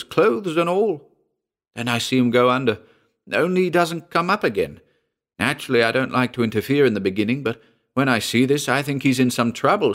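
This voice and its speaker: A man voicing an earnest young boy telling what he saw in a halting, excited way. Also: medium pitch, voice pushed up.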